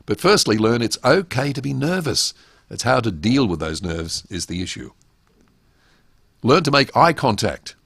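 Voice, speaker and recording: A man's voice: mid-range voice, expressive, moderate pace, gravelly, a bit bright, slightly rough, no echo, studio quality. A middle-aged man giving a webinar lecture on public speaking, emphatic and full of rhetorical questions.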